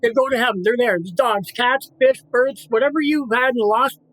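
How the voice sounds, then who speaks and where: A man's voice: extremely high pitch, normal speed, fairly bright tone, rough recording. A middle-aged man telling an emotional personal story as an interview guest, earnest and repetitive, acting out voices. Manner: earnest, repeats himself, acts out voices in his story.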